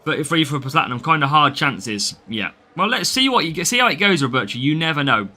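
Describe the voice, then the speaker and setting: Chatty English streamer, slightly higher voice, reads chat and greets viewers. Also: male voice, big pitch swings, brisk, sharp tone. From England. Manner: chatty, greets viewers by name, laughs often. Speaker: game streamer. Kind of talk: live gameplay stream, reading chat.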